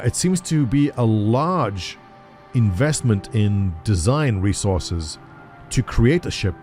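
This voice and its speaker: A man's voice: medium pitch, a little mellow. A man hosting a gaming video, giving a casual walkthrough commentary, chatty and thinking aloud with fillers.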